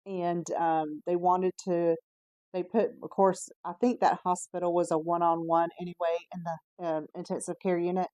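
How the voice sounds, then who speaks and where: A woman's voice: fairly low pitch, level tone, normal speed, mellow, no room sound. Lady telling her story on her vlog, chatty and candid, lots of ums, dry room. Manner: chatty, candid, with frequent "um" and self-corrections. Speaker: vlogger. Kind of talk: casual personal storytelling.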